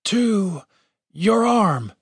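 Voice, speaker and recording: A man voicing a crude, impatient wounded guard who shouts and moans in strained tones. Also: very animated, extremely slow, slightly rough, dry recording, clean studio sound, heavily acted. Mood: pained. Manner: shrill, strained shouting and moaning.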